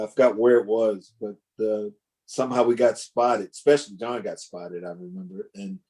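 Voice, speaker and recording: A man, a drummer, telling animated, rambling stories over a video call, with lots of restarts. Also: fairly low pitch. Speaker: guest drummer. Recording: choppy internet connection.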